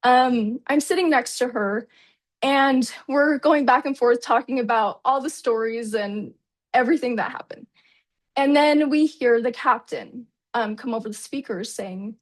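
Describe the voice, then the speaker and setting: A woman's voice: a little high, a little slow. A woman presenter telling a personal travel story in an enthusiastic, chatty way, often calling the audience "you guys.". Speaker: presenter at a product launch.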